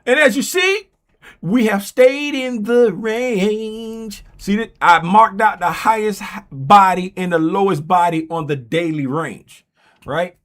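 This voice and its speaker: A man hosting a casual trading livestream, talking through charts in a playful, drawn-out way. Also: high-pitched, fairly bright tone. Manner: playful, drawn-out, sing-song delivery.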